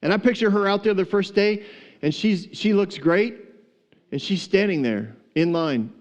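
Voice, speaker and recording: Humorous preacher telling a story. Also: male voice, sits high, moderate pace. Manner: humorous, laughs often, acts out the story. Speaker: pastor. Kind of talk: sermon storytelling.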